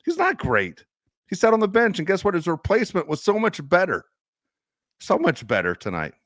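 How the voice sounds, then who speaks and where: A man rants about his team on a football podcast, exasperated and animated. His pitch leaps and dives as he vents. The sound is dry and close, with no room around it. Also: normal speed, no echo. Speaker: podcast co-host. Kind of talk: casual sports chat.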